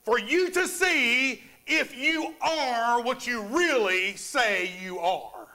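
High, bright-voiced preacher man. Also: takes it slowly. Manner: preaching with call-and-response amens. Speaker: pastor. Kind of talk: sermon. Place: church.

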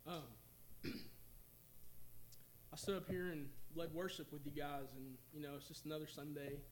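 Guy in his 40s giving his testimony at church, stops and restarts a lot, slightly high voice. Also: fairly even intonation, a little hiss or hum. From Tennessee, USA. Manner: halting, many fillers and restarts. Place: church sanctuary.

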